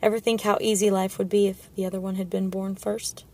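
A woman's voice: medium pitch, little pitch movement, a little fast, mellow, lightly acted. A woman reading the part of an insolent, greedy sellsword, cocky and offhand.

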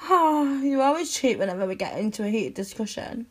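A young woman in a one-sided audio role-play, speaking softly and intimately to the listener as her best friend, with sighs and giggles. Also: fairly high pitch, animated, normal speed, hardly any pauses, slightly rough.

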